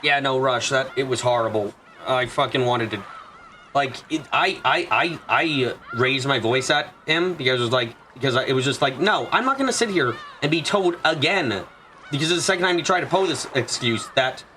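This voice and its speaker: A man's voice: on the high side, expressive, normal speed, pushed and bright, faint music behind. A young man hosting a game playthrough, venting in a profane, exasperated rant. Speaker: let's play host. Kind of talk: casual gameplay commentary, venting.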